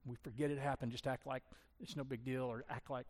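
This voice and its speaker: A man's voice: medium pitch, steady tone, fast, darkish tone. A man preaching a sermon as pastor, conversational and self-deprecating, acting out the voices he quotes. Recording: long reverb of a large hall.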